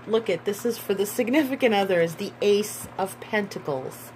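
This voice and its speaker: A woman giving a tarot reading in a slow, musing way, repeating herself and breaking into excited bursts. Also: sits low, a little hiss or hum, low-quality recording. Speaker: tarot reader.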